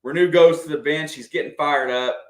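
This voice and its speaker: A man doing casual, partisan play-by-play of a basketball game for a livestream, excitable and quick to react to the officials. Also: on the high side. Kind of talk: fan play-by-play commentary. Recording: echoey room.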